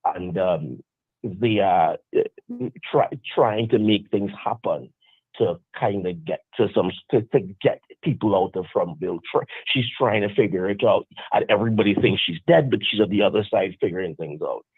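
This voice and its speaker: A man's voice: on the low side, moderate pace, slightly rough, no room sound. A man calling in to a live show, chatting casually and rambling with restarts. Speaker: caller. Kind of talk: casual call-in chat. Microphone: phone call. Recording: tinny phone line.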